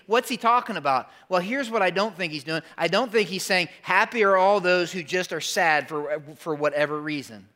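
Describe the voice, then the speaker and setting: A man's voice: sits high, moderate pace, hardly any pauses, bright, forceful tone. A man preaching a sermon to his congregation in a conversational style, asking rhetorical questions. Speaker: pastor.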